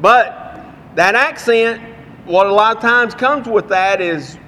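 A man from Texas with a Texan accent, preaching a sermon with folksy stories and slowing down to read scripture. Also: high-pitched, sharp tone, in a large hall, slight background noise.

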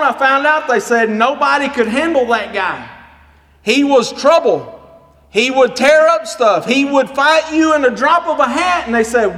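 A man preaching a sermon as an animated storyteller who acts out the dialogue. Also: extremely high pitch. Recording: long reverb of a hall.

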